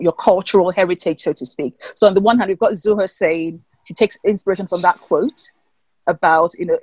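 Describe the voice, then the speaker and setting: A webinar host moderates a panel over a video call. The delivery is thoughtful and searching, full of small restarts. The sound is dry and close, at an ordinary middle pitch. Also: a little mellow, slightly rough, no echo, rough recording. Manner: thoughtful, with restarts and frequent affirmations.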